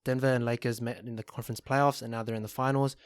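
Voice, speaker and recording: A man co-hosting a sports podcast, talking in a measured way with frequent pauses and restarts. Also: mid-range voice, flat delivery, clear, resonant tone. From Australia. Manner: measured, hesitant, lots of ums and restarts. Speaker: podcast co-host. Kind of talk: casual chat.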